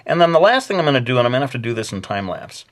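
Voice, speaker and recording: A man's voice: medium pitch, big pitch swings, very fast. A man teaching a drawing lesson in a casual, hesitant way, with many fillers and joking asides. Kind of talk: casual drawing tutorial narration.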